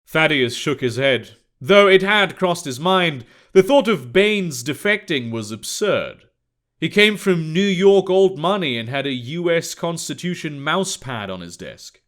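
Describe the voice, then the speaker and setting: Male story narrator, slightly high voice. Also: sing-song, measured pace, a bit bright.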